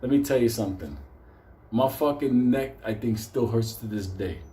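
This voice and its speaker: New man spinning a profane comic yarn, mid pitch, laughing through it. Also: normal speed, mellow. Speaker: storyteller. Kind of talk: casual comic storytelling.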